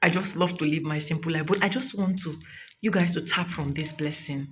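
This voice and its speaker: A woman's voice: low-pitched, fairly quick, fairly bright tone, slight background noise. Nigerian woman, young, vlogger, emotional testimony, fervent, preachy, near tears.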